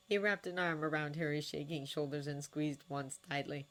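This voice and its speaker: A woman narrating a fan-written story in the style of an audiobook. Her voice is low-pitched for a woman, and she tells the story at a steady pace. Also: normal speed, few pauses. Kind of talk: audiobook fanfiction reading.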